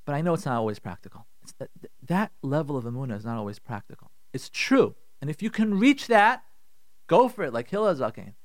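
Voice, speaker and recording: A man's voice: mid-range voice, sing-song, fairly quick, no room sound, studio quality. A middle-aged man, a rabbi hosting a radio show, giving emphatic, repetitive advice and acting out the complaints he quotes. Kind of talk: animated radio advice talk.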